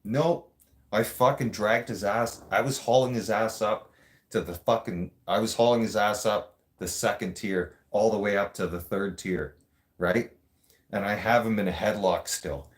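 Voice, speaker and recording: This man narrates a story on his show loosely and casually in a low voice at a moderate pace. Blunt and streetwise, he drops swear words into nearly every sentence while talking right at his listeners.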